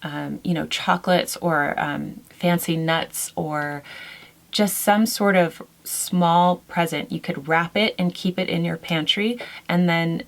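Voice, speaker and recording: Chatty woman, soft laughs. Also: lowish voice, steady tone, slow pace, creaky. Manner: gentle, chatty, frequent soft laughs and fillers. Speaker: lifestyle vlogger answering viewer questions. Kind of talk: casual chat.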